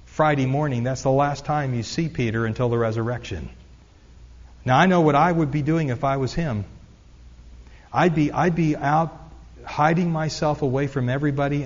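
A man's voice: mid-range voice, a little mellow. A man preaching a sermon as pastor, earnest and conversational, with frequent asides to the congregation. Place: church sanctuary. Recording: echoey hall, dull lo-fi sound.

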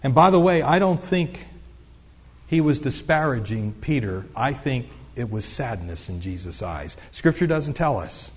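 A man's voice: mid-range voice, big pitch swings, a little slow, husky. A man preaching a sermon as pastor, earnest and conversational, with frequent asides to the congregation. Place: church sanctuary. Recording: echoey hall, dull lo-fi sound.

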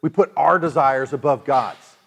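A man's voice: medium pitch, moderate pace, gravelly, fairly bright tone, slightly rough. A man preaching a sermon in a conversational way, acting out the voices of the people he quotes. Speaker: pastor.

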